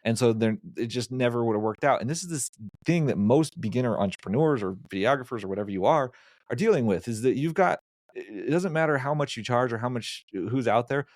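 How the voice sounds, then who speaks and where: A man, a podcast guest, telling an animated anecdote in casual conversation, often restarting his sentences. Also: mid-range voice, fairly quick, dry recording, clean studio sound. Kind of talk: casual storytelling.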